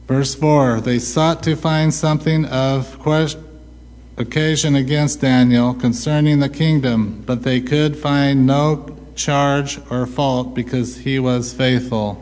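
A man preaching a sermon, asking rhetorical questions and answering them himself with a slow, deliberate delivery. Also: mid-range voice, steady tone, darkish tone. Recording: long hall reverb.

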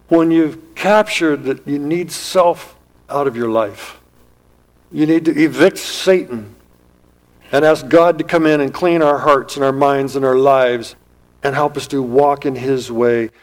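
An earnest man preaching a sermon, his voice pitched a little high for a man. He leans into his points with emphasis, swelling and then dropping his voice. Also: rough recording. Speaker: pastor.

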